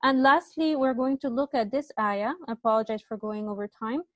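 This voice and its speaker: A woman's voice: a little high, a little fast, a bit bright, dry recording. Woman teaching Arabic grammar online, dry sound. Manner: explanatory, asks students questions often. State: coughing. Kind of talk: online class lesson.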